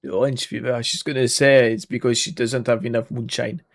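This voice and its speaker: A man's voice: medium pitch, steady tone, fairly quick, no room sound. Man, casual gaming commentary, joking, reads dialogue aloud, dry sound. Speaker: gaming YouTuber. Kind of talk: casual let's-play commentary.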